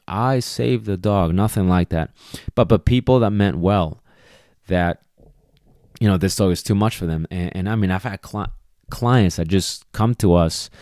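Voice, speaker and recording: A man's voice: on the low side, unhurried, darkish tone, no room sound, studio quality. A man hosting a casual solo podcast as a dog trainer, talking emphatically and conversationally, often checking in with "okay" and "right". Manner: acts out quoted voices of people and dogs.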